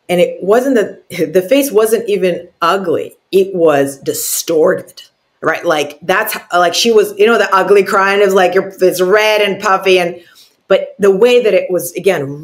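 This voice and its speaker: Guesting on an interview podcast, a woman shares a heartfelt story with lots of expression. She keeps asking "right?" and performs quoted lines with dramatic pitch jumps.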